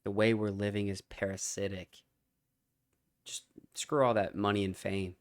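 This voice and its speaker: A young man hosting a reaction video, commenting casually in an excited, slangy way. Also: lowish voice, moderate pace, faint music behind. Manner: excited, slangy, thinks aloud.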